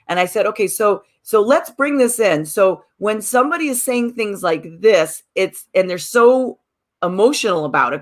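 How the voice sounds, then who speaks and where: A woman co-hosting a podcast and teacher of mindfulness workshops, telling a story in casual chat and acting out the people she quotes. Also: fairly low pitch.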